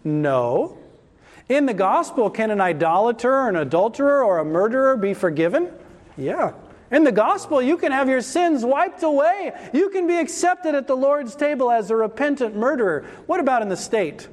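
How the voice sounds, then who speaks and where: A male pastor preaching a sermon emphatically, slowing down to stress key words. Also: very high voice, animated, in a large hall.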